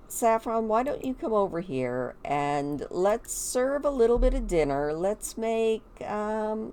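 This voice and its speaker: Woman game commentator, chatty and animated, slow delivery, lively pitch. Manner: chatty, animated, talks to her characters. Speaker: gameplay commentator.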